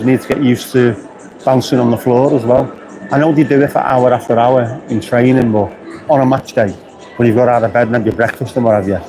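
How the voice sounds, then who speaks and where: A man with a dry, rambling manner, giving casual running commentary as a football fan from his seat, full of joking asides. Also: medium pitch. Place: football stadium stands, outdoors. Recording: noisy stadium ambience.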